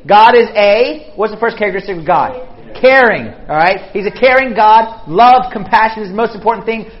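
A young adult man giving a lively, conversational sermon to young people. He tells animated stories and keeps checking in with his listeners by asking "okay?". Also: high voice. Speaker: pastor. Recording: dull lo-fi sound.

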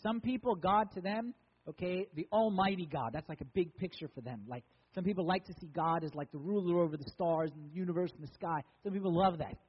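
A man's voice: high-pitched, fairly quick, husky, big-room sound, muffled recording. A man preaching as a pastor, conversational and joking with emphatic lines. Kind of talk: sermon.

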